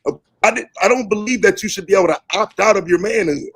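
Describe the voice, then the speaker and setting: A man hosting a heated debate, confrontational and quick to interrupt. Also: sits high, fairly bright tone, slightly rough. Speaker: host.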